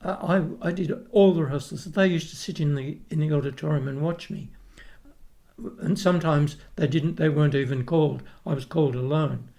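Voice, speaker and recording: Speaking briskly, this older Australian guest, once an opera tenor, wanders through long stories in a relaxed interview, doubling back and imitating the people he quotes. There's a creaky, gravelly texture to his somewhat high voice.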